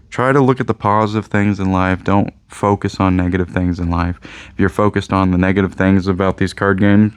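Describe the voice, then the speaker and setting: A man's voice: on the low side, clean tone, no echo. A man with a Midwestern American accent, a card shop owner rambling casually to camera, joking and repeating himself. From Indiana, USA.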